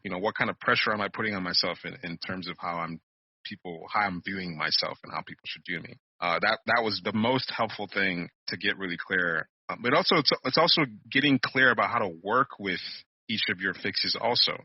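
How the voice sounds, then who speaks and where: A man co-hosting a podcast, explaining ideas in a halting, searching way. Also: deep voice, slightly rough, no room sound, muffled recording. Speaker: podcast co-host. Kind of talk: casual podcast chat.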